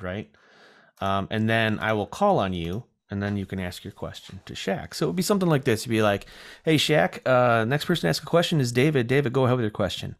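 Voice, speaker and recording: A man with a nasal voice, co-hosting a casual chat and telling a rambling story full of fillers and self-deprecating asides. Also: lowish voice. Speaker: podcast co-host.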